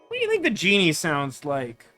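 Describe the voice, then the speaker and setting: A man's voice: a little high, huge pitch swings, normal speed, pushed and bright, faint music behind. A man streaming a game, chatting with viewers in a rambling, self-deprecating way. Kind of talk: casual game commentary.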